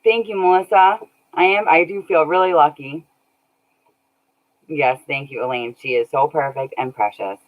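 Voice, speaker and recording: A woman's voice: low-pitched, moderate pace. A woman chatting casually on a livestream, laughing often and thanking viewers by name. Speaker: streamer reading chat. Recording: dull lo-fi audio.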